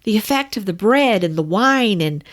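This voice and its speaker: A woman's voice: medium pitch, lively intonation, moderate pace. A woman teaching a Bible study in a conversational way, speaking to her listeners as friends. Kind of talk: casual teaching.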